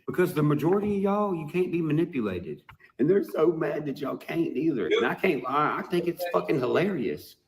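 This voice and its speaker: A man ranting to his fans in a heated, profane, mocking monologue. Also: medium pitch. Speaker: rapper speaking to fans.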